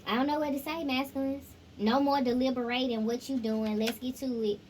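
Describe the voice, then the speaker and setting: High-voiced and steady, a woman speaks briskly with a slightly mellow quality while giving a casual tarot reading. She chats directly to her viewers and sings bits of songs, and the rough recording carries a little hiss or hum.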